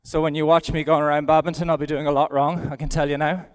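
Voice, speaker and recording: A middle-aged Irish man coaches aloud from the saddle in a chatty, self-deprecating way. His voice is smooth and fairly high for a man. A long reverb from a big indoor arena follows every word. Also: little pitch movement, fast. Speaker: event rider giving a riding demonstration. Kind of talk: live demonstration commentary.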